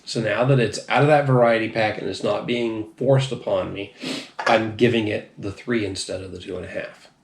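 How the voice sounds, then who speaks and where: A man's voice: lowish voice, steady tone, normal speed, creaky, slight background noise. A man hosting a casual beer review, tipsy and rambling, swearing and laughing as he talks. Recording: echoey room.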